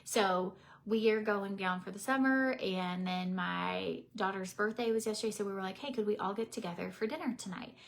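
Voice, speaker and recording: A woman's voice: medium pitch, normal speed, gravelly. A woman, chatting casually on a livestream, tired and teary, rambling with many fillers and restarts. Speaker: makeup vlogger.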